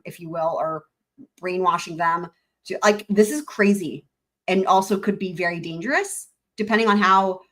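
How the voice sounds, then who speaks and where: A woman's voice: medium pitch, a bit bright. A woman hosting a live stream, reacting to a court clip in blunt, rambling casual commentary full of fillers. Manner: blunt, rambling, uses many fillers and swears.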